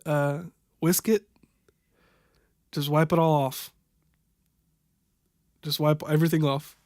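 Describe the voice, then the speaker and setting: A young man improvising a makeup tutorial voiceover, halting and stumbling over product names, wryly amused by what he sees. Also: fairly high pitch, no echo, clean studio sound. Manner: wry, amused at the footage. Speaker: voiceover narrator.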